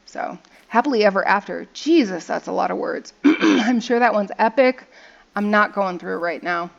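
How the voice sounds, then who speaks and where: A young woman with a gravelly, creaky voice rambles playfully as she opens digital card packs, reading rules text and poking fun at the art. The recording is a little dull and lo-fi. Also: medium pitch, moderate pace. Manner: chatty and playful, reads card text aloud and jokes about the art. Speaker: gaming video host. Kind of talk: casual commentary while opening card packs.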